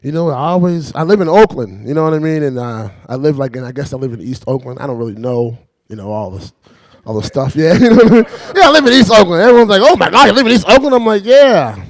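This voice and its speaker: A man's voice: medium pitch, expressive, quick pace, dry recording. A man doing a rambling stand-up routine, chuckling between lines and repeating "you know what I mean". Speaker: stand-up comedian.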